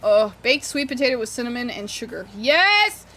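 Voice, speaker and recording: A woman's voice: a little high, fast talker, slight background noise. A young woman streaming from her room, chatting casually, rambling, swearing freely and cutting off words. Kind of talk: casual livestream chat while drawing.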